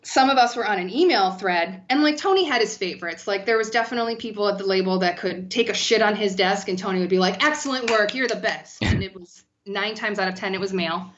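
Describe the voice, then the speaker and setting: Woman guest, mid pitch, chatty storyteller with a lot of swearing, slightly muffled sound. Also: fast, hardly any pauses. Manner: animated, profane, lots of "like". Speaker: podcast guest. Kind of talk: casual storytelling.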